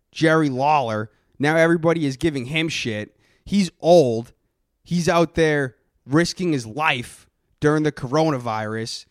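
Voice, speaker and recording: Profane, ranting man, slightly high voice. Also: no room sound, clean studio sound. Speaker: podcast host. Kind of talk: comedic character rant.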